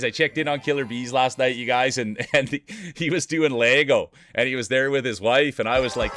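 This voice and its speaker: A man with a medium-pitched, sharp voice commentates marble races on a live stream. Upbeat, he greets chat viewers by name and hypes up the close finishes.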